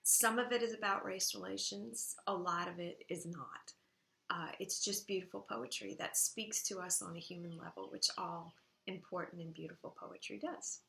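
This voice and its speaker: A woman teaching a high school English class, lecturing in a conversational way and checking in with "okay?". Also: moderate pace, creaky, sharp tone, reverberant. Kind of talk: recorded lecture to students.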